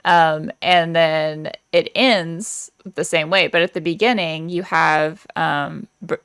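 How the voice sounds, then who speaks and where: A woman's voice: sits low, fairly even intonation, slow, a bit bright, clean tone, no echo, studio quality. A woman guest on a podcast, chatting casually with lots of fillers and easy laughs. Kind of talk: casual chat.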